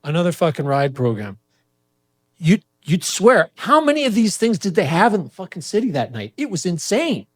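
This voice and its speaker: A man performing a comedic personal story at an open mic night in a small community venue, animated and profane, acting out the people in it. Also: fairly high pitch, normal speed. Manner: profane, animated, acts out voices.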